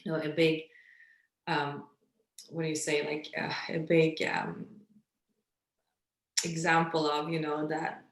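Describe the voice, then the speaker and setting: A woman's voice: deep voice, monotone, slow pace, long pauses, roomy sound. A woman guest in a casual conversation who often searches for words, with many fillers and restarts.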